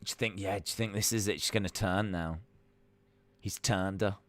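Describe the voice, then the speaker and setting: A man's voice: low voice, steady tone, normal speed, a bit bright, no room sound. A man hosting a live reaction stream, chatting and joking about what he is watching, with frequent uhs.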